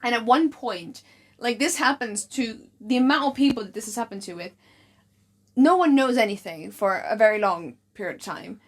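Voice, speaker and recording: A young woman with a foreign, non-British accent co-hosts a podcast in relaxed chat. Her voice sits a touch high for a woman. She is expressive and quick to react with exclamations. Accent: foreign, not British. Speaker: podcast co-host. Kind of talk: casual chat.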